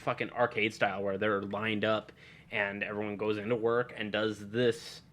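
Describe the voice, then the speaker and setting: A man's voice: fairly low pitch, little pitch movement, moderate pace, fairly bright tone. A man co-hosting a casual podcast chat, loose and profane, trailing off and laughing. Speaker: podcast co-host.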